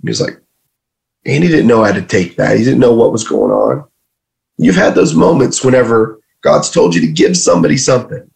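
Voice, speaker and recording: Gravelly man, voice worn after illness. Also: on the low side, animated, a little fast, a little mellow, poor audio. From North Carolina, USA. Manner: earnest, emotional, with many restarts. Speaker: guest sharing a testimony. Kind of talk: casual spoken storytelling.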